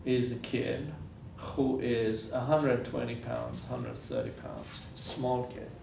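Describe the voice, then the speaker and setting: In this storytelling lecture, a male guest lecturer from Israel speaks slowly and very animatedly in a creaky, medium-pitched voice, earnestly repeating phrases to give them weight. The distant recording from a university lecture room is reverberant and carries background noise.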